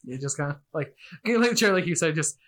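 A man co-hosts a casual podcast, joking around. His pitch swings a lot as he talks. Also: animated, fast talker, a bit bright. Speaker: podcast co-host. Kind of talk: casual chat.

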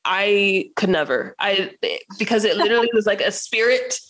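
A young woman coaching creatives on a podcast talks in a loose, chatty way. She laughs easily and slips into playful voices for her own thoughts. Her pitch sits in the middle range. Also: moderate pace. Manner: animated, laughs often, acts out inner voices. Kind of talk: casual conversation.

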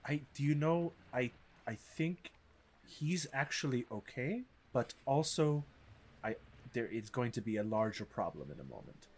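A man's voice: medium pitch, expressive, a little slow, darkish tone, husky. A man playing a tabletop game, joking around and stammering through his lines. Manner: jokey, stammering. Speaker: player. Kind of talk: casual tabletop play.

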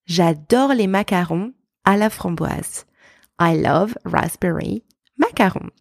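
A woman with a French accent hosting a podcast pronunciation lesson, slowly and carefully sounding out words. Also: mid-range voice, expressive, gravelly, no echo, clean studio sound. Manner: slow, careful enunciation of example words.

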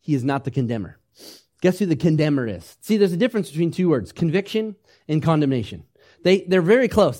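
A male pastor delivers a sermon in a voice pitched a little high for a man. He swings between loud, urgent emphasis and soft, tender asides, and keeps drawing the congregation in with questions and calls to repeat after him. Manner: asks the congregation questions and leads them in repeating phrases.

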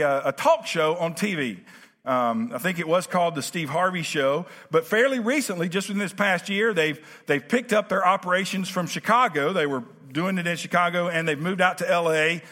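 Male pastor, high voice, conversational sermon with fillers, emphatic build, big church reverb. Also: bright, forceful tone. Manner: conversational with many fillers and restarts; rising to emphatic preaching cadence. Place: church sanctuary.

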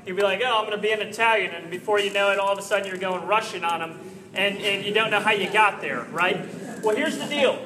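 A man with a high, bright voice coaches his listeners earnestly, dropping in frequent "right?" check-ins. The sound carries a long echoey hall reverb and faint background noise. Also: fairly quick. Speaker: presenter giving training tips. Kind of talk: instructional talk.

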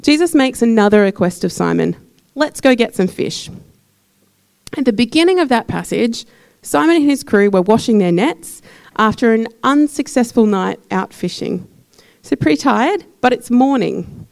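A woman's voice: a little high, lively intonation, normal speed, gravelly, darkish tone. A woman giving a conversational sermon in church, putting questions to the congregation. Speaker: preacher.

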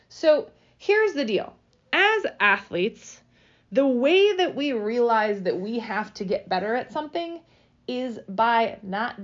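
Upbeat woman podcast coach, higher voice. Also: highs cut off. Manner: energetic, direct, motivational. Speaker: podcast host and roller derby fitness coach.

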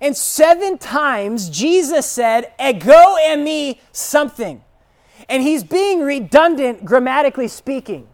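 A preacher delivering an expository sermon, stressing single words and rising to shouted declarations. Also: high-pitched, big pitch swings. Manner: slow, deliberate emphasis on single words.

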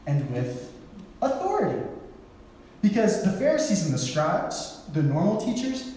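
A man's voice: sits high, mellow, a little hiss or hum. A man giving a sermon in a casual storytelling way, acting out the people he quotes in playful voices. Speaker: pastor. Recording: echoey hall, from far off.

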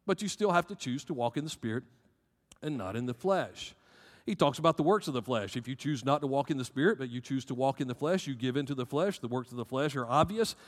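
A man's voice: mid-range voice, expressive, fast, in a large hall. A man with a Southern American accent preaching a sermon as pastor, emphatic, rising and dropping in volume.

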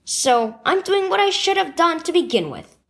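A woman's voice: very high-pitched, big pitch swings, normal speed, gravelly, fairly bright tone, voice pushed up, full character voice. A woman voicing an irritated girl in a storybook reading, huffy and exasperated. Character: irritated older sister, a kid.

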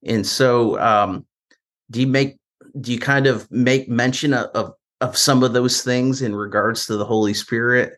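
A podcast host interviews a guest in casual chat, asking questions conversationally and hesitantly with many fillers. His mid-range voice is steady, a bit bright, and measured in pace.

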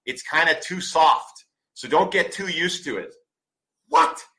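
A man in his forties preaches self-love with a tense, forceful edge. His voice sits a little higher than most men's. He talks bluntly, swears freely and hammers home his points by repeating them. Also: lively intonation, a little slow, poor audio. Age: 40s. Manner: emphatic, blunt, swears often; preachy, repeats commands for stress. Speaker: podcast host. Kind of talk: motivational monologue.

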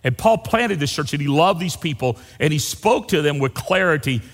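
Folksy pastor in a reverberant church. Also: male voice, a little high, animated, moderate pace. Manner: folksy storytelling, varied emphasis. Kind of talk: sermon. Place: large church sanctuary. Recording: long reverb of a church hall.

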